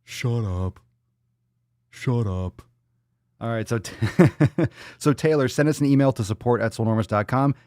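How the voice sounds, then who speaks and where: A man's voice: brisk, no echo, studio quality. A man hosting a podcast in a loose, profane, joking chat, reading viewer comments aloud. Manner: coos softly in a high baby-talk voice at a pet. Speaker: podcast host. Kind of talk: casual live-stream chat.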